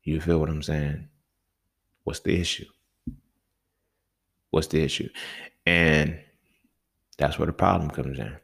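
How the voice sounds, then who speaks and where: A man's voice: very deep voice, fairly even intonation, slow, gravelly, pauses often, a bit bright, slightly rough. A young man hosting a casual solo podcast, talking in a heated, profane, conversational way and often checking in with the listener. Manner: profane, heated, conversational, keeps asking "you feel me". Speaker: podcast host.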